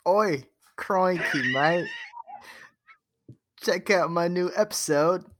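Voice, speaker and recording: A podcaster putting on a cheery young Australian bloke with a slow, drawn-out delivery. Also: medium pitch, lightly acted.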